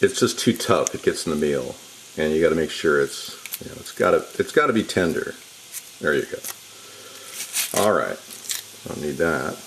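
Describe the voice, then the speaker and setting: In his kitchen, a man runs a casual home cooking demo, his rumbling low voice lively in intonation at a normal speed, pausing often and drifting into jokey asides while he works. The rough recording has pan sizzle behind him, with frying and the click of a knife in the background.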